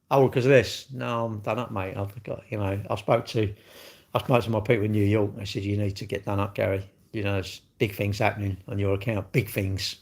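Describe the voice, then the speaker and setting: Middle-aged English man, live-stream host; low, gravelly, rambling and cheeky. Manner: rambling, cheeky, jokey banter with chat. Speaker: livestream host. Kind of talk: casual live-stream chat.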